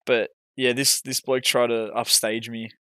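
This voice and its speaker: A man's voice: mid-range voice, level tone, a little slow, sharp tone, clear, resonant tone, no room sound. An Australian man co-hosting a casual podcast, ranting and swearing freely. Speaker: podcast co-host. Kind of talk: casual chat.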